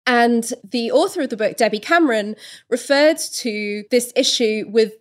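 A woman's voice: a little high, moderate pace. A woman writer as an interview guest, explaining in a thoughtful, explanatory way and sometimes correcting herself mid-sentence. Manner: thoughtful, explanatory, with occasional self-correcting restarts. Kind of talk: podcast interview.

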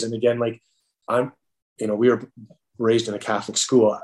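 A middle-aged man, a podcast guest, telling an emotional personal story in a halting way, full of restarts and fillers. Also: mid-range voice, flat delivery, darkish tone.

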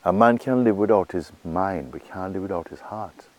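A man giving a spiritual talk to a gathering, asking questions and answering them himself and softly repeating phrases. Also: deep voice, normal speed. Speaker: spiritual teacher.

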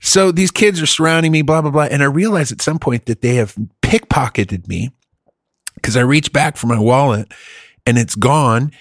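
A man's voice: medium pitch, normal speed, dry recording, clean studio sound. A middle-aged man telling a long story in a casual chat, rambling, swearing and laughing often.

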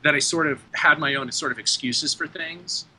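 A man with a very bright, sharp tone who picks his way through his thoughts with halting restarts and a self-deprecating edge. Faint noise hisses behind him. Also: a little high, poor audio. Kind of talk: casual conversation.

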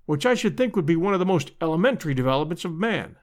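A man's voice: fairly high pitch, very animated, fast talker. A man voicing a sour, skeptical older professor who grumbles, in a storybook reading.

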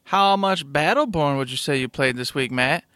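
Bright-voiced playful male podcast host. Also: a little high, moderate pace, smooth, no echo, clean studio sound. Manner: playful, teasing. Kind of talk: casual chat.

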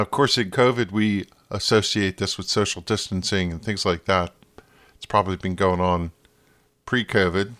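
A man's voice: sits low, fairly bright tone. A man from New Jersey with a New Jersey accent, hosting a podcast in a scripted, playful monologue that now and then slips into a radio-announcer voice. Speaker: podcast host.

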